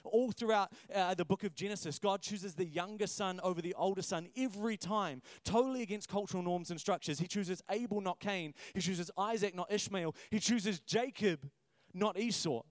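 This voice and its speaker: A man in his thirties preaching a sermon, animated and acting out voices. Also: sits high, moderate pace, no room sound. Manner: animated, acts out quoted voices, repeats words when emphatic. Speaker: pastor.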